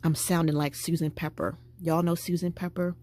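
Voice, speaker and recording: A woman's voice: fairly low pitch, normal speed. A woman vlogger chatting casually to her viewers as she packs a handbag. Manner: chatty, animated, talking to viewers while packing a bag. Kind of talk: casual chat.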